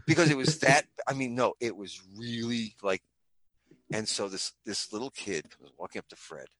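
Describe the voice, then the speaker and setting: Loud, rambling storyteller man. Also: mid-range voice, animated, normal speed. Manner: loud, rambling, theatrical joker. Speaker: comic creator and guest. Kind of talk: animated storytelling and joke telling.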